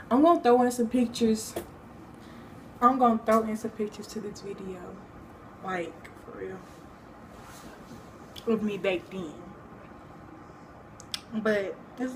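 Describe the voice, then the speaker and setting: A woman's voice: medium pitch, a little hiss or hum. A young woman talking casually to her own vlog, rambling with many fillers and restarts. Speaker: vlogger. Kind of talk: casual personal vlog talk.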